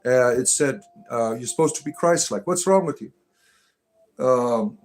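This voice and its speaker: A man's voice: medium pitch, moderate pace. A middle-aged man hosting a casual livestream, answering chat with irreverent jokes and mock-preachy asides.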